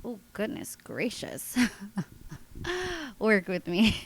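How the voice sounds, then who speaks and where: A woman in her thirties hosting a podcast, telling a story in a chatty, lively way with a congested nose and frequent laughs. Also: medium pitch, extremely slow, a little hiss or hum, poor audio. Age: 30s. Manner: chatty, animated, laughs often, addresses listeners as guys. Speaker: podcast host. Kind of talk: casual storytelling monologue.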